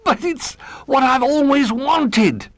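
A man voicing a small, excitable toy bear cub who squeaks, begs and gushes in a storybook reading. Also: takes it slowly, no echo, heavily acted. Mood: excited. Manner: squeaky, eager and pleading.

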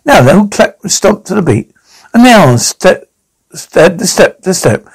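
Give me a man reading as a jolly old cartoon vampire grandfather teaching kids to dance, with a gravelly, slightly high voice. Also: big pitch swings, a little slow, exaggerated voice. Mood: cheerful. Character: kindly older vampire grandfather, playful dance leader.

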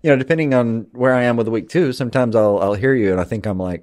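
A man's voice: fairly low pitch, darkish tone. A man co-hosting a podcast in casual chat, rambling and laughing as he talks. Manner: rambling, quick, laughs often. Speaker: podcast co-host.

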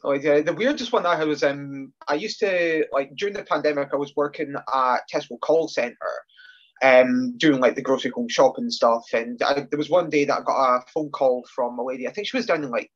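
A man's voice: medium pitch, brisk, muffled recording. A Scottish man from the northeast, a wrestler telling stories in a casual interview with many fillers. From northeast Scotland. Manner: anecdotal, filler-heavy, self-deprecating humour. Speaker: wrestler guest.

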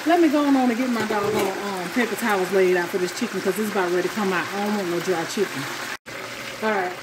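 A woman's voice: medium pitch, quick pace, very noisy. A woman chatting casually and folksily to her viewers while she cooks at home. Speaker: cooking vlogger. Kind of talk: casual chat while cooking. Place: home kitchen. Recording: echoey kitchen with loud frying sizzle. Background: frying sizzle.

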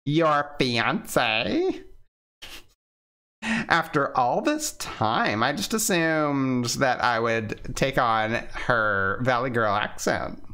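A man's voice: mid-range voice, animated, takes it slowly, hardly any pauses, pushed and bright, clear, resonant tone. A man voicing a young woman heroine with a gossipy valley-girl tone.

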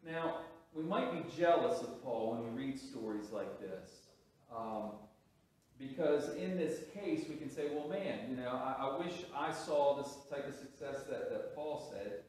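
A man's voice: medium pitch, expressive, unhurried, a little mellow. A man preaching a sermon as pastor, telling a story with restarts and rising emphasis. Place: church sanctuary. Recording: very echoey hall, from a distance.

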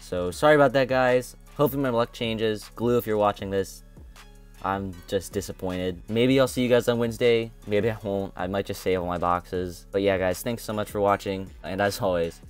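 A young man with a fairly low voice runs through a mobile game box opening as its host, grumbling and repeating himself as his frustration builds. Faint music plays under his voice on the screen recording. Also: fairly even intonation, moderate pace, clean tone. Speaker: gaming channel host.

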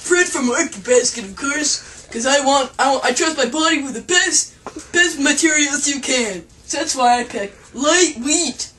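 A goofy woman hosts a mock cooking demonstration in a high voice, speaking slowly and breaking into sudden excited shouts. Her delivery swings between deadpan and overblown. The home video recording has clear background noise throughout. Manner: goofy, exaggerated, with sudden outbursts. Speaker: host of a spoof cooking show.

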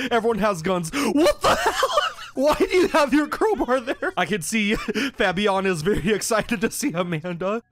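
A young man with a high voice gives let's-play commentary. His pitch jumps around wildly, and he swears and laughs easily. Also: a little slow, faint music behind. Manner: excitable, swears often, laughs a lot. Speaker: gaming YouTuber.

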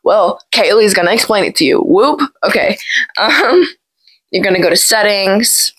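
A young woman talking casually through a phone tutorial, hoarse from being sick, chatty and rambling with lots of fillers. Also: mid-range voice, fairly even intonation, fairly quick, fairly bright tone, low-quality recording. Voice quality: gravelly. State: hoarse from illness. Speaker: tech video creator. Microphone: small plug-in microphone.

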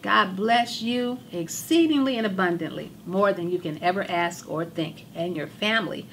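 Hoarse woman hosting a gospel show. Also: mid-range voice, moderate pace, a little hiss or hum. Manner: fervent, repetitive, preachy emphasis. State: hoarse, losing her voice. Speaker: TV show host. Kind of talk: religious talk show monologue.

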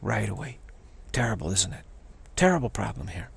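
A man's voice: fairly low pitch, big pitch swings, normal speed, creaky, a little hiss or hum. A man giving a rambling, reflective spiritual talk, repeating himself and acting out the voices of people he quotes. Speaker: spiritual speaker.

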